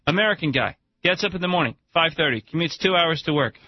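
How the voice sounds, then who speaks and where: A man with a New Jersey accent co-hosting a talk radio show in casual, animated chat, laughing often. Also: on the high side, fast talker. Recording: muffled radio broadcast with faint hiss.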